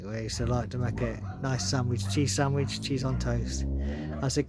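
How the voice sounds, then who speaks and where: A man's voice: medium pitch, moderate pace, vocal fry, a little mellow, a little hiss or hum. A man vlogging a casual story, chuckling often and rambling through restarts.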